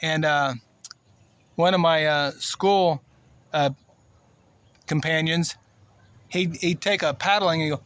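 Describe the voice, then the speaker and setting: A man in his sixties from Cuba telling a personal story in a plainspoken, rambling way, with many fillers and pauses. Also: a little high, fairly even intonation, fairly bright tone, a little hiss or hum. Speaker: vlogger.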